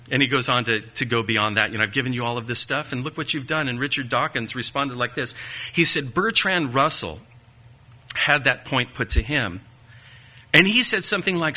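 Male preacher, sermon, piercing forceful voice, emphatic rhetorical questions. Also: medium pitch, moderate pace. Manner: folksy asides and light joking. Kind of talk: sermon teaching.

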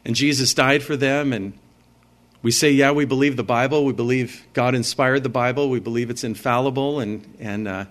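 Man, pastor, sermon, earnest, conversational preaching, mid-pitched voice. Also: fairly even intonation, normal speed.

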